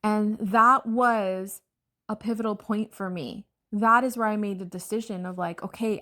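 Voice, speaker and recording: A woman's voice: medium pitch, fairly bright tone. A woman coach giving an earnest, reflective motivational talk with a spiritual bent.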